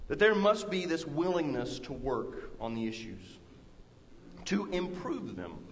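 High-voiced guy preaching, earnest, goes loud then soft, long hall echo. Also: big pitch swings, measured pace, a little hiss or hum. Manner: earnest, rises and drops in pitch and volume. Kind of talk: sermon.

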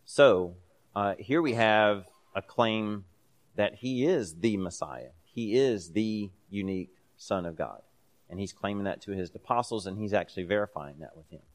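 A low-voiced man teaches a Bible class in a relaxed, conversational way. He reads scripture passages aloud with added emphasis and fills his explanations with casual pauses.

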